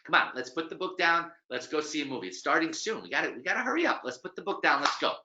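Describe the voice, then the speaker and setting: A man playing a loud pushy American guy. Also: sits high, huge pitch swings, a little slow, background noise, voice pushed up, heavily acted. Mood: insistent. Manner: brash, insistent, over-friendly. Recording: roomy, slightly dull webinar audio.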